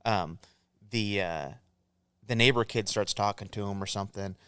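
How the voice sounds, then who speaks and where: Podcast co-host, male, low smooth voice, dry close mic, loose and profane. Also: moderate pace, bright, forceful tone, no echo. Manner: rambling storyteller, swears freely, laughs a lot. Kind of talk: casual chat.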